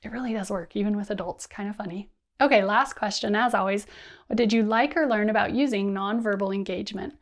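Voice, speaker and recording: A woman's voice: mid-range voice, a little fast. A woman presenting an instructional video for teachers, modeling call-and-response counting and hand actions the way she would with students. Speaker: teacher trainer.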